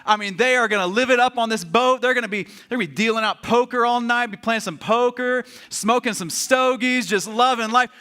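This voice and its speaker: High bright animated preacher man. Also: fairly quick, few pauses. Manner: animated storytelling, acting out voices. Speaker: pastor. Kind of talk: sermon.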